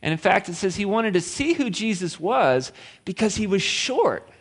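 A male pastor preaching with a lively, animated delivery that swings up and down. His voice sits a little high for a man, and he tells the story playfully, slipping into quoted voices. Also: normal speed, breathy edge. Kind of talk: sermon.

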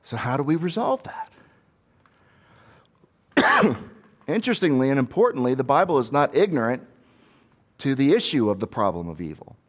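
A man's voice: medium pitch, big pitch swings, normal speed, pauses often. A man giving a conversational sermon, earnest and candid, thinking aloud as he goes.

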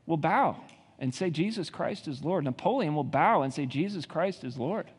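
A man's voice: a little high, expressive, moderate pace, husky, long reverb tail. A man preaching a sermon, building intensity with rhetorical questions. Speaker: pastor.

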